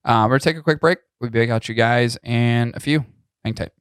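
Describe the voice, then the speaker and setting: A man's voice: mid-range voice, fast talker, smooth, no echo. Male podcast co-host, casual and profane, throat a bit scratchy, dry close mic. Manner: loose, profane, jokey. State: coughing, tickle in throat. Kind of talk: casual chat.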